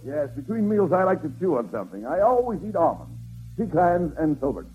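A man playing the brisk, exasperated straight man in a 1940s radio comedy. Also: a little high, big pitch swings, dull audio, faint music behind.

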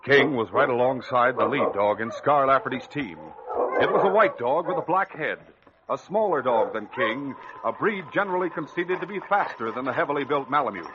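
A man's voice: medium pitch, expressive, brisk. A man narrating a radio drama in a vivid, driving storytelling voice. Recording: dull old radio recording with heavy hiss.

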